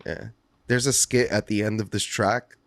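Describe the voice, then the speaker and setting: Casual podcast co-host, dry close sound. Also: male voice, lowish voice, moderate pace, dry recording. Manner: animated storytelling, acting out quoted voices. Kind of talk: casual chat.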